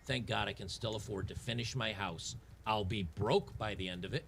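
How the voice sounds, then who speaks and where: A man's voice: fairly low pitch, normal speed, creaky, music in the background. A man, ranting in a frustrated, sarcastic way over a game and often restarting his sentences. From Tennessee. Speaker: gaming channel host. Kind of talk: ranting commentary over gameplay.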